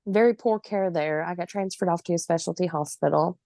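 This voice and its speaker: A woman's voice: on the low side, fairly even intonation, fairly quick, creaky, mellow, dry recording. A woman in her forties, a podcast guest, telling her own story in vivid, emphatic detail with occasional laughs.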